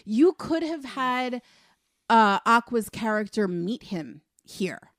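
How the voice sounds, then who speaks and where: A woman's voice: on the high side, animated, dry recording. Woman co-host, exasperated and emphatic, dry close-miked sound. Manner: emphatic, exasperated, talks fast when heated. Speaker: podcast co-host. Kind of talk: casual film review chat.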